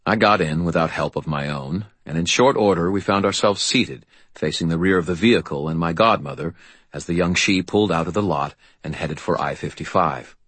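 Man, audiobook narrator, very deep voice, husky, dry wry delivery, dead-dry recording. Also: brisk, a bit bright, dry recording. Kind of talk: first-person audiobook narration.

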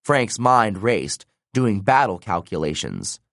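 A man with a low voice reads the audiobook slowly and deliberately, letting his pitch rise and fall with drama. The sound is close and dry, with no room echo at all. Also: gravelly. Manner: expressive, dramatic reading. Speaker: audiobook narrator. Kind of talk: scripted narration.

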